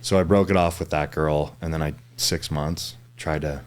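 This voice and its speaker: A man's voice: rumbling low, steady tone, normal speed. A man hosting a podcast in casual chat, easygoing and often chiming in with short agreement. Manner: easygoing, with frequent agreeing backchannels.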